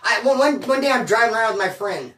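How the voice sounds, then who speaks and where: A man's voice: high-pitched, fast talker, bright, forceful tone. A man who was in prison telling casual, profane stories full of slang, from California. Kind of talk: casual storytelling. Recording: echoey room, voice from far off.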